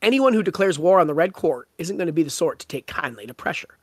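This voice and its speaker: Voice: mid-range voice, animated, quick pace, no echo, natural voice. Host doing a matter-of-fact drawling knight, dry close sound. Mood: cool.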